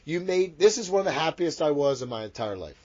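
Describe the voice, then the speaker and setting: A man co-hosting a wrestling podcast in casual, rambling, profane chat that gets excitable. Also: a little high, quick pace, muffled recording. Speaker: podcast co-host.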